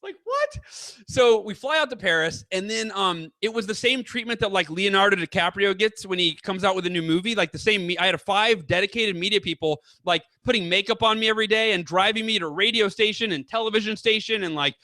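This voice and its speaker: A man in his thirties, a guest author chatting casually in an interview, telling stories with lively quoted voices. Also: high voice, a little fast, hardly any pauses, no room sound. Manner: animated storyteller, acts out quoted voices.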